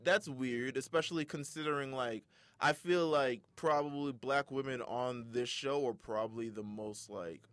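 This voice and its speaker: A man's voice: medium pitch, steady tone, moderate pace, a bit bright, no room sound. A young man hosting a casual podcast, talking in a rambling way with fillers and laughs. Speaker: podcast host.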